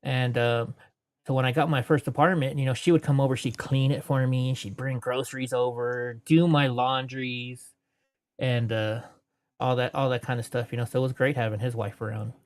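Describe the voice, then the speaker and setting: A man in his forties, a guest in a casual interview, tells long, rambling stories, correcting himself along the way and laughing between anecdotes. He puts on voices when quoting people, though his medium-pitched delivery has little pitch movement at a moderate pace. There's no room sound.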